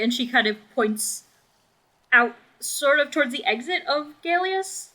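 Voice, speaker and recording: A woman's voice: high-pitched, animated, unhurried, bright, forceful tone, rough recording. A young woman narrating as game master in a casual, rambling way.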